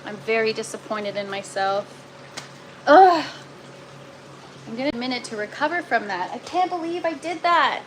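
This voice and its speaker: A woman's voice: fairly high pitch, fast, few pauses, low-quality recording. A woman chatting casually to viewers on a live stream from her indoor grow tent, groaning and exasperated. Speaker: gardening livestreamer. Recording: noticeable steady background noise.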